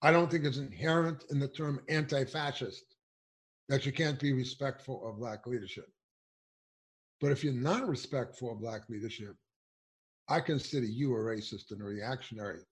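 A man's voice: mid-range voice, moderate pace. A man giving impassioned political commentary, emphatic and indignant, firing off rhetorical questions. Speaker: political speaker.

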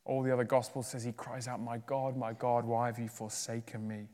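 A man preaching a sermon, swinging from loud emphatic peaks to hushed, low endings. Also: level tone, brisk. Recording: long reverb of a large hall.

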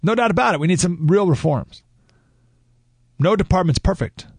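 Male talk-radio host, fairly high voice, opinionated and emphatic, lots of restarts, studio mic. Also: expressive, moderate pace, slightly rough, dry recording. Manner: ranting, emphatic, with restarts and asides. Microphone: studio microphone.

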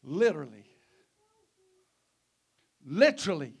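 A man's voice: a little high, very animated, slow, vocal fry, husky. A male preacher, delivering an impassioned sermon in a sing-song preaching cadence.

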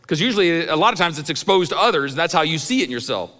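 A man's voice: on the high side, animated, rapid-fire, sharp tone, long reverb tail. A middle-aged male pastor preaching in a church sanctuary, telling candid personal stories in a conversational way with some humor. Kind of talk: sermon.

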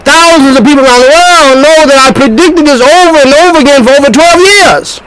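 High-voiced, animated man preaching. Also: a little fast, low-quality recording. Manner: emphatic, animated, repeats himself. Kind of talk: sermon.

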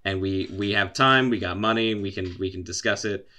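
A man co-hosting a casual chat, swearing freely and talking with lively, laughing energy. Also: fairly low pitch, fairly quick.

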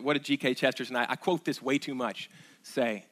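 A man's voice: medium pitch, steady tone, brisk, a bit bright. A man, preaching a sermon as pastor in a conversational, emphatic way, repeating key phrases.

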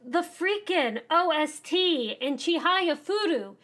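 Woman podcast co-host, high voice, excitable ranting delivery. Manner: enthusiastic, ranting, fast-moving. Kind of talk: casual podcast chat.

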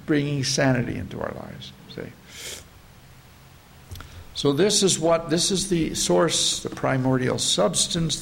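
A man giving a spiritual talk to a gathering, slow and reflective, often repeating his phrases. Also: fairly high pitch, gravelly, a little hiss or hum. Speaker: spiritual teacher.

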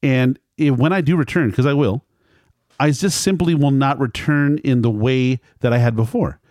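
A man's voice: mid-range voice, normal speed, darkish tone, no echo, studio quality. A middle-aged man telling a family story in casual conversation, rambling and correcting himself as he acts out quoted lines.

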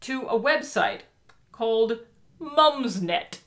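A woman's voice: a little high, slow pace. A woman co-hosting a podcast, chatting casually and emphatically about children's books. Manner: animated, emphatic. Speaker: podcast co-host. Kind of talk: casual chat reviewing books.

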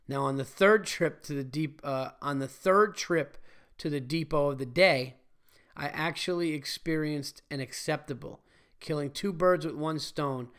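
A man's voice: a little high, a bit bright, clear, resonant tone. A man hosting a podcast, reading listener emails and chatting casually, swearing freely and chuckling as he talks. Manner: loose, swears freely, chuckles mid-sentence. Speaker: podcast host.

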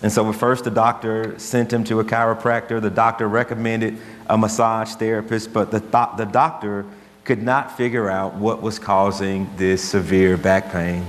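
A man's voice: on the low side, level tone, moderate pace. A man preaching a sermon as pastor, earnest and conversational, telling stories to make his point. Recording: long hall reverb, faint hum.

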